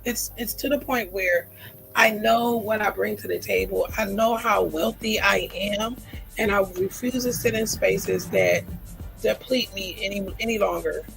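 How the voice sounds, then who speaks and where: A middle-aged woman speaks straight to her livestream audience, heartfelt and earnest, leaning on repetition to drive points home. Her voice has a gravelly, fry-laden texture at a middling pitch. Faint music plays quietly behind her. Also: unhurried, low-quality recording. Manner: earnest, heartfelt, repeats phrases for emphasis. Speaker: livestream host. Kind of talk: emotional personal livestream talk.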